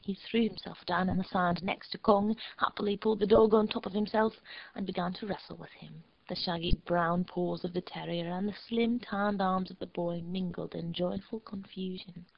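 A woman narrating a storybook in a measured, steady reading voice. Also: on the low side, creaky, no echo, dull audio.

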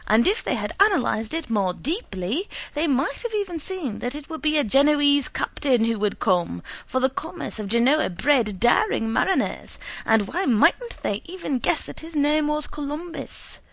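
A petulant, easily upset husband who bellows his points and will not let a matter drop, as a woman reads him. The voice swings widely and carries a gravelly edge, recorded close and dry. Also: high voice, very animated, normal speed, few pauses, no echo, pitched above the performer's own voice, full character voice. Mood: faltering. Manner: loud, insistent outbursts.

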